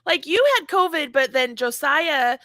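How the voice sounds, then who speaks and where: A knitwear designer hosts a casual podcast chat, upbeat and talkative. Her voice sits high and sounds bright and crisp, recorded close and dry with no room echo. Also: measured pace.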